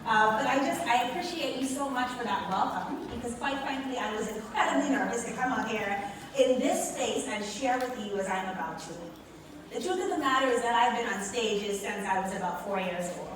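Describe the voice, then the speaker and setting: A young woman from the Bahamas, telling a personal story on stage and speaking directly to the audience. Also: fairly high pitch. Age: young adult. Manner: expressive storyteller who talks to the audience. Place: large hall with an audience. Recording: echoey hall from far off, with background noise.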